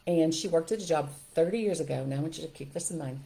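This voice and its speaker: Older female host, warm low voice, emphatic storyteller talking casually to listeners. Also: fast, gravelly. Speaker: parenting show host.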